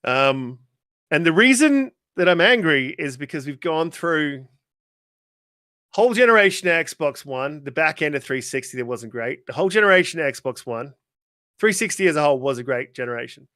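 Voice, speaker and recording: A man guest on a gaming interview show, ranting casually and swearing freely in a worked-up, animated way. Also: a little high, normal speed, no room sound, studio quality. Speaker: guest gamer.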